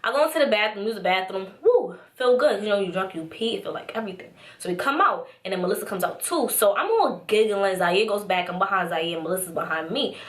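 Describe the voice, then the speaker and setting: A young adult woman vlogger telling a casual story-time tale, chatty and animated, with lots of "like" and "so". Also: medium pitch, quick pace, hardly any pauses. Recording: roomy echo.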